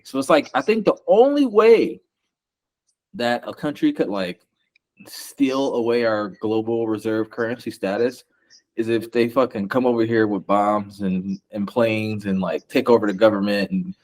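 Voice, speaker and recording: A man's voice: mid-range voice, moderate pace, a little mellow. A young man co-hosting a podcast, speaking bluntly and profanely in casual chat. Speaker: podcast co-host.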